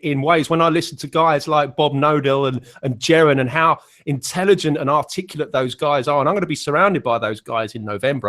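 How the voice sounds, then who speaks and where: A man's voice: on the high side, a bit bright. English male guest on a video call, rambling and self-deprecating, restarts often. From England. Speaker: guest musician. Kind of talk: casual online panel chat.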